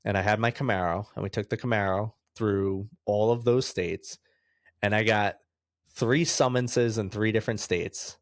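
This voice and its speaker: A man in his thirties from New York, with a fairly low voice and moderate pace, appears as a guest on a podcast for a casual storytelling interview. He's an animated storyteller who laughs often and acts out other voices, and the studio sound is clean with no room sound.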